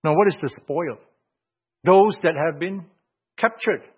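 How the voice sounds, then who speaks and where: A man preaching an expository sermon, reading scripture aloud in King James wording and swinging between loud emphatic phrases and quiet asides. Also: a little high, unhurried, slightly rough. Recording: dull lo-fi sound.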